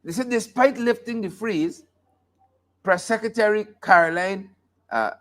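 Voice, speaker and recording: A high-pitched, somewhat bright male voice moves a little slowly as he hosts a live talk show. He comments on the news playfully and casually, joking, singing short snippets, and laughing often.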